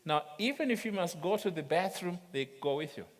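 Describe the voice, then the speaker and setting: A man's voice: high-pitched, expressive, brisk. A man preaching a sermon, telling humorous stories and chuckling as he goes. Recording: long reverb of a large hall.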